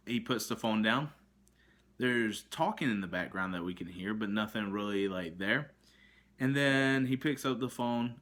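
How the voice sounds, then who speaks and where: A man's voice: fairly low pitch, a bit bright. Exasperated man ranting to camera. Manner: frustrated, exasperated storytelling with many fillers and restarts. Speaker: vlogger. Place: kitchen at home, indoors.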